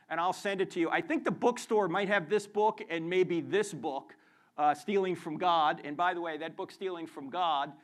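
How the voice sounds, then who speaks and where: High-voiced, energetic male lecturer. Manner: energetic, jokey, quizzes the audience with questions. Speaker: Christian apologist speaker. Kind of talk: live apologetics lecture to students. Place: university event hall with live audience.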